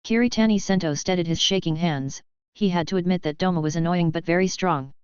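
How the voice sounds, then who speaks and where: A woman narrates a web-novel audiobook in a steady, even reading. Her voice is low and very smooth, close and dry, on a slightly dull, lo-fi recording. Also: fairly quick, no room sound.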